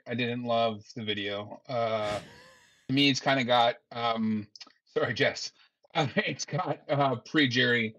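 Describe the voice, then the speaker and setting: Brief: male panel guest, bright edge, blunt and halting, a bit under the weather. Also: medium pitch, muffled recording. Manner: blunt, halting, stumbles over words. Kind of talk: casual panel chat.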